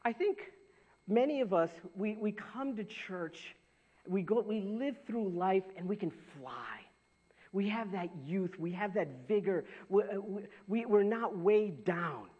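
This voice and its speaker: Speaking a little slowly in a high voice, a pastor delivers a sermon through a dull, lo-fi recording. His storytelling is animated, and he keeps restarting and repeating himself.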